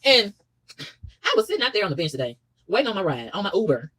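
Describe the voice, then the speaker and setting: A woman rattles off a rapid, exasperated rant. Her pitch leaps and dips with lively swings, and she barely pauses between complaints. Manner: fast, exasperated ranting with animated pitch swings. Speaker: vlogger. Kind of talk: ranting monologue.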